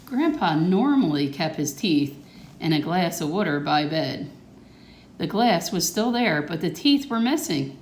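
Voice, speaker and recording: Woman, picture-book read-aloud, gentle, unhurried, echoey room. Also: on the low side, sing-song, a little hiss or hum. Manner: gentle, explaining pictures to children. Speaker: reader.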